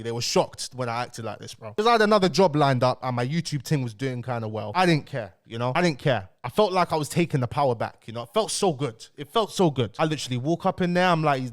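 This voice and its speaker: A young man telling a story to camera in a casual, slangy way, repeating phrases and dropping his voice for calm asides. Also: on the high side. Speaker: YouTuber.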